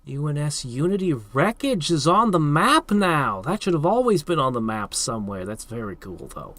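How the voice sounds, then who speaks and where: A man's voice: fairly high pitch, sing-song, normal speed, a bit bright. A man casually thinking aloud as he plays a strategy game, reacting to each turn. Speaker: gameplay streamer. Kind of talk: casual let's-play commentary.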